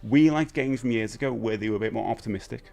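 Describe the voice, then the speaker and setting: British male streamer, forties, chatty and animated, over soft background music. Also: fast talker, gravelly. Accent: British English. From United Kingdom. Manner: animated, jumps between high excited bursts and low mutters. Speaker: livestream host. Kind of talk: casual live stream chat.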